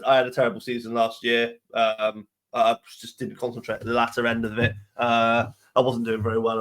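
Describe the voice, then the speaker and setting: A tired man hosting a solo podcast Q&A, blunt and ranty, swearing casually. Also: mid-range voice. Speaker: podcast host.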